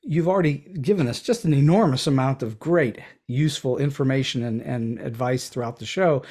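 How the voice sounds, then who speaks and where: A man hosting an interview podcast, asking his guest questions in a measured, formal way. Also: mid-range voice, a little mellow. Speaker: podcast host.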